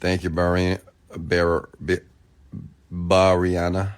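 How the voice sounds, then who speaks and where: A man casually chatting on a late-night livestream, rambling and excitable while he reads and answers viewer comments, still getting over food poisoning. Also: low-pitched, takes it slowly, clean tone. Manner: rambling, excitable, lots of restarts.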